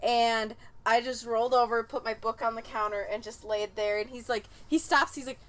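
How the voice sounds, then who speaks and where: Young woman on a chill podcast, kinda high voice, acts out quotes all animated. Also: moderate pace. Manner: animated storyteller, acts out quotes with big pitch jumps. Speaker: podcast co-host. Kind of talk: casual chat.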